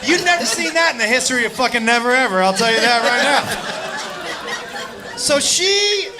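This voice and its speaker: A man doing stand-up comedy on a club stage, telling a wild story loudly and laughing through his punchlines. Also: sits high. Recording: live club set with audience laughter. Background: crowd laughter and room noise.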